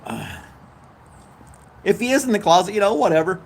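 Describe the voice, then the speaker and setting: Hosting a laid-back live stream, this older man from Tennessee, USA speaks with a Southern accent, reading out viewer comments and chuckling often. His voice sits high with huge pitch swings, a darkish, slightly rough tone, and normal speed.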